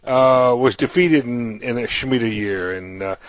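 A man's voice: mid-range voice, normal speed, no room sound, highs cut off. A man hosting a radio talk show, chatting folksily with a guest and often restarting his sentences.

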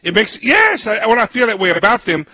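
Bright, husky-voiced folksy radio host. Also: male voice, high-pitched, huge pitch swings, a little fast. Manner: folksy, repeats words while searching. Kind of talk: radio interview.

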